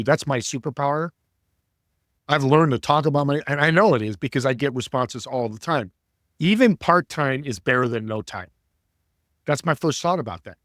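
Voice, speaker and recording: A man's voice: medium pitch, a bit bright, dry recording, studio quality. A man who is an entrepreneur and podcast guest, telling stories in an earnest, preachy, motivational way. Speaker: entrepreneur and networking coach, guest. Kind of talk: interview storytelling.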